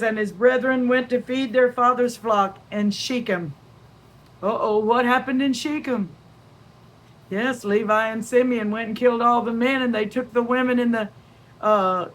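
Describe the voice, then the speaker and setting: A woman's voice: mid-range voice, rough recording. An older woman giving a homely Bible lesson, reading scripture aloud and chatting about it, asking questions and answering them herself. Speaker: Bible teacher.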